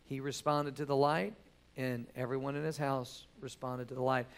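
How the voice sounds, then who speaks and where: A middle-aged man preaching a sermon as pastor, swinging from hushed storytelling to loud, animated exhortation. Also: mid-range voice, normal speed, clean tone.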